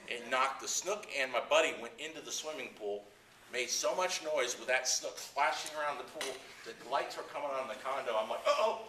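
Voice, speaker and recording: A middle-aged man telling fishing stories to a club audience, animated, acting out the people in them and laughing often. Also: mid-range voice, a little fast, a little hiss or hum. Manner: animated yarn-spinner, acts out quotes, laughs often. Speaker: guest speaker at anglers club. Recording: echoey room, speaker far from mic.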